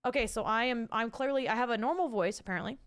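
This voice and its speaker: A woman's voice: on the high side, fast talker, smooth. Chatty, swearing woman live-streaming from home. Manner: chatty, rambling and casually profane. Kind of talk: casual live-stream chat reading out viewer messages.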